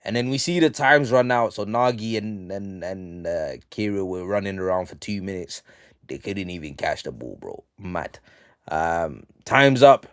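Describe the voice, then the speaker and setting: A man casually recapping a manga chapter on a live stream, slangy and full of ums, reading the quotes out flat. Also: low voice, normal speed, clear, resonant tone, dry recording, clean studio sound. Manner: slangy, reads out quotes flatly, many ums.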